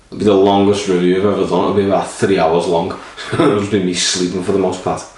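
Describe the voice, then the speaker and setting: A man's voice: low-pitched, little pitch movement, a little fast, darkish tone. A man rambling casually and swearing while reviewing a beer, a little sleepy. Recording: roomy echo, mic at a distance.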